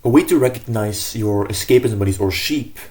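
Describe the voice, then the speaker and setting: A man's voice: lowish voice, brisk, a little mellow. A man giving casual self-improvement advice to camera in an earnest, rambling way, often correcting himself mid-sentence.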